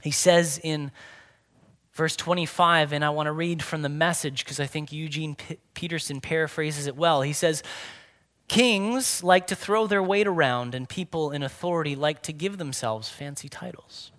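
Earnest, fairly high-voiced male preacher. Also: fairly bright tone. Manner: earnest preaching, slows and drops to a whisper for emphasis. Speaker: pastor. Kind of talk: sermon.

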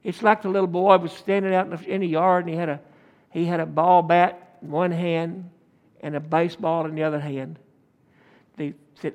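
A man's voice: high-pitched, normal speed. A male pastor, preaching a folksy sermon full of homespun stories and calls for an amen.

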